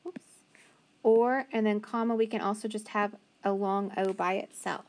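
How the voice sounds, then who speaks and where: A woman teacher leads young children through a phonics lesson, sounding out letters slowly and praising their answers patiently and encouragingly. Her voice is mid-range and darkish, with fairly even intonation.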